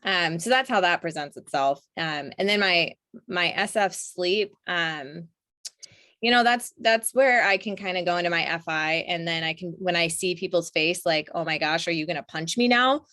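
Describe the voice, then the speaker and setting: A woman talking as an interview guest, animated and laughing often, with many restarts. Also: lowish voice, normal speed. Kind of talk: casual conversation.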